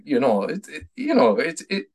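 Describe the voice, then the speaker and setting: A man's voice: a little high, wildly swooping pitch, moderate pace, slightly rough. An Irish man in his thirties, a political activist guest telling stories in casual conversation, often repeating words and laughing at his own anecdotes. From Ireland.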